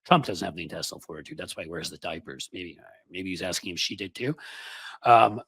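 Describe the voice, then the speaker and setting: A man's voice: low-pitched, quick pace, gravelly, a bit bright, breathy edge, dry recording. A man hosting casual political commentary, talking in a sarcastic, mocking way.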